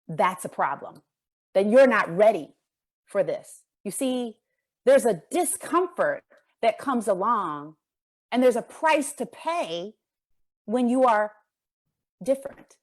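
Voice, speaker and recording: A woman in her fifties giving a guest speech, telling a personal story earnestly and emphatically, her voice climbing high as she presses rhetorical questions. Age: 50s. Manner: voice rises high when impassioned. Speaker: guest speaker.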